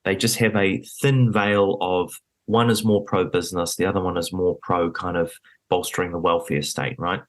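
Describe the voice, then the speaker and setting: A man with a deep, steady voice speaks at a normal speed as a guest on a podcast, recorded in a studio. He argues politics emphatically and indignantly, leaning on lots of filler words in the animated chat.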